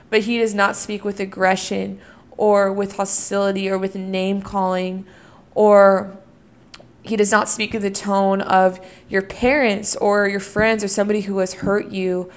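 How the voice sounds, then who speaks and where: A young woman, a college student, talking casually and earnestly about her faith, often using "you know" and "like". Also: mid-range voice. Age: young adult. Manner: earnest, reflective, many fillers like "you know" and "like". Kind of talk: casual devotional talk.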